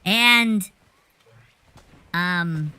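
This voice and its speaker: A woman telling a rambling anecdote in a casual, animated way, swearing freely as she goes. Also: on the low side, drawn-out words, smooth. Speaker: storyteller.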